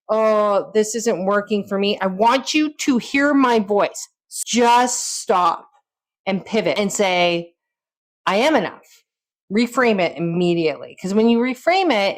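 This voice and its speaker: A middle-aged woman talks to her listeners in a loose, chatty way as she gives them encouragement. Her voice sits at an ordinary pitch for a woman. When she acts out what someone said, her voice jumps up sharply. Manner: animated, acts out quoted lines with big pitch jumps. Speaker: podcast host and wellness speaker. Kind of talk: casual motivational talk.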